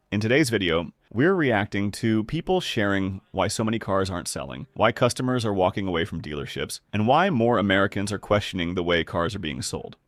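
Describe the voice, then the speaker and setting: A man hosting a reaction video, giving an even, scripted narration. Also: fairly low pitch, dry recording. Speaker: host.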